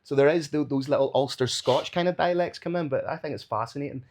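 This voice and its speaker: A man's voice: on the high side, fast, a little mellow, a little hiss or hum. A man with a Northern Irish accent, a sports commentator chatting as a podcast guest, casual and swearing freely with local words. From Northern Ireland.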